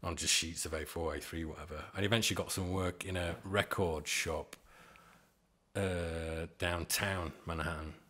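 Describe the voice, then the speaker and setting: A man in his forties talks through his past in a loose, meandering way, often chuckling at himself. His voice sits very low. It is a relaxed podcast-guest chat. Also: normal speed, slightly rough. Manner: rambling, chuckling, self-deprecating. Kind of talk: casual storytelling chat.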